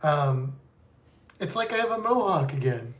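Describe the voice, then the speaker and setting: A man's voice: fairly high pitch, big pitch swings, measured pace, a bit bright, echoey room. A man co-hosting a casual livestream chat at home, playful and coaxing his pet along. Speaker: co-host.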